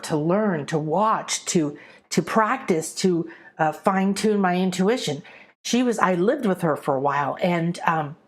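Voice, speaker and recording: A middle-aged woman, a spiritual teacher, giving a chatty, animated spiritual talk to a live audience and acting out quoted voices. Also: medium pitch.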